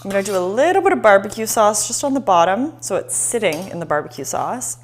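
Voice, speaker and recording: A woman hosting a live-streamed cooking demo in a home kitchen, chatty and excitable, talking straight to her viewers. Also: mid-range voice, fast talker. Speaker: cooking show host.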